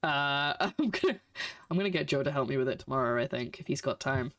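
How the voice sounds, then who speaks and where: A woman's voice: rumbling low, lively intonation, a little fast, a bit bright, no echo, studio quality. A woman streaming a game, commenting casually and sarcastically, exasperated at the characters. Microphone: desk microphone. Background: game audio.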